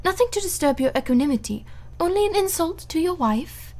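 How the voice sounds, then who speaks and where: A woman's voice: a little high, expressive, moderate pace. A woman reading the part of a merry, mocking young noblewoman with a teasing lilt.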